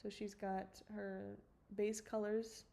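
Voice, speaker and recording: A woman animator livestreams from her home studio computer as she works, chatting casually, rambling, giggling, and swearing freely. Her medium-pitched voice is level, slow, creaky, and dark-toned.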